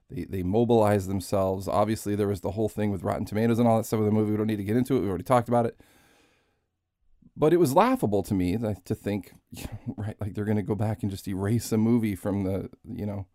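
A man riffing alone as a podcast host, rambling through restarts with casual swearing and self-mocking asides. His voice sits low and sounds warm and mellow. The sound is dry and close. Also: dry recording.

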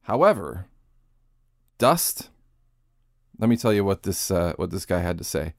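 A man's voice: low voice, big pitch swings, measured pace, no room sound, clean studio sound. A man hosting a podcast in casual commentary style. He sounds sarcastic and incredulous, and he swears freely. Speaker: podcast host.

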